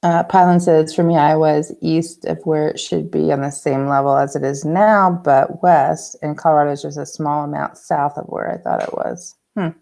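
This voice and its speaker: This woman's voice sits low and mellow, gravelly and steady, moving at a moderate pace with few pauses. She hosts a casual livestream, chatting with viewers, reading their comments aloud and laughing easily, all over glitchy livestream audio.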